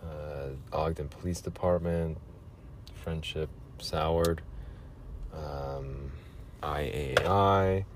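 A man's voice: extremely low pitch, fairly even intonation, very slow, noisy background. A man hosting a solo podcast, ranting sarcastically in a rambling monologue. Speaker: podcast host.

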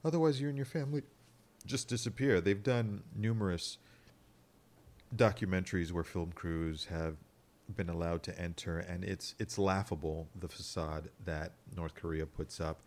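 A man co-hosting a casual podcast chat, explaining things in a measured, wry way. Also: sits low, steady tone, darkish tone. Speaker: podcast co-host.

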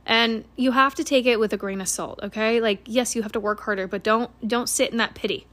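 A woman's voice: on the high side, fairly even intonation, fairly quick, a bit bright. A woman in her late twenties hosting her own podcast, giving a blunt, earnest motivational talk full of swearing. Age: 20s. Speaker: podcast host. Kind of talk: casual motivational monologue.

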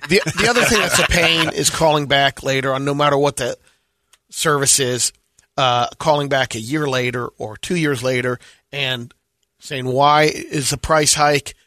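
A man co-hosting a casual talk show, adding measured comments and short agreements. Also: mid-range voice, pushed and bright, dry recording, clean studio sound.

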